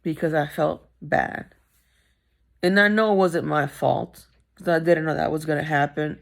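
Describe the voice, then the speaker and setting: A middle-aged woman with a low, gravelly voice tells her own story straight to the camera. She talks candidly and hammers her points home by repeating them. It is a relaxed personal vlog. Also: unhurried. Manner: candid, emphatic, repeats phrases for stress. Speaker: vlogger.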